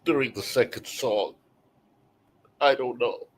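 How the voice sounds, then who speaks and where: A man's voice: mid-range voice, takes it slowly, breathy edge. A man hosting a livestream in casual chat, rambling and emotional, swearing freely. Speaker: livestream host.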